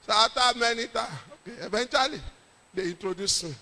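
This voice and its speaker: A middle-aged Nigerian man, a pastor, telling a lively story in a sermon with jokes and pidgin. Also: high voice, moderate pace, big-room sound.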